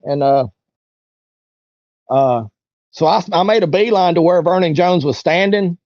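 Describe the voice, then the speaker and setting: Guy in his 40s rambling thru a story, lots of you know and like, bit high pitched, dry dull mic. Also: unhurried, a little mellow, no echo. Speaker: interview guest. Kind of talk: casual storytelling.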